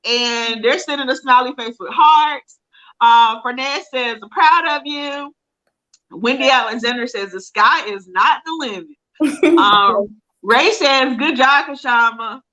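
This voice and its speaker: A woman's voice: high voice, unhurried, sharp tone, lo-fi sound. A woman hosting a live online interview, reading out viewer comments in an upbeat way. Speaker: host.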